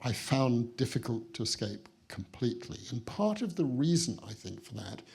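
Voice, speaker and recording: A man's voice: mid-range voice, sing-song, moderate pace, gravelly, a little mellow, slightly rough. A British man giving a guest speech at a museum exhibition opening, telling an anecdote with wry, dry understatement. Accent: British English. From Britain. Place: museum building, speaking to an audience.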